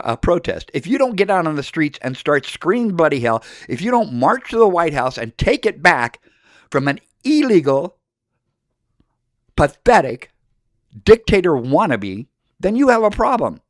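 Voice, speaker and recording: Man, middle-aged, American, angry emphatic monologue, direct address, slightly high voice, dry close sound. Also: no echo. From United States. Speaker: political commentator. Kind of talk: impassioned political monologue.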